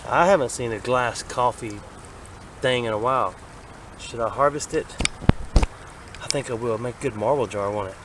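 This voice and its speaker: A man, chatting excitedly to himself and his viewers as he searches a creek outdoors. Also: medium pitch, moderate pace, long pauses. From Alabama. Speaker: vlogger. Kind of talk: casual outdoor narration. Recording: outdoor recording with clear background noise.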